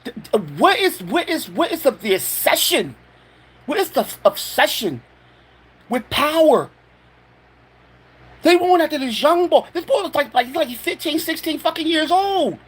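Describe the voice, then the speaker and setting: A man's voice: very high voice, big pitch swings, normal speed, fairly bright tone. A man ranting furiously to camera in a home vlog, profane and stammering with anger. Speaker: vlogger.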